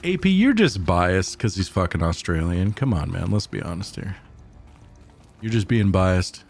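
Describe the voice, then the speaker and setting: Low-voiced casual male streamer. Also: sing-song, normal speed, vocal fry, darkish tone. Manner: casual, profane, rambling. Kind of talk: casual gameplay commentary.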